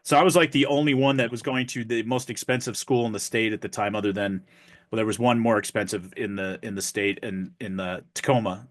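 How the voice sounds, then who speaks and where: A man's voice: on the low side, steady tone, fairly quick. A man in his fifties co-hosting a podcast, telling rambling stories and jokes in casual chat. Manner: rambling storyteller, many restarts, tells jokes. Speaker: podcast co-host.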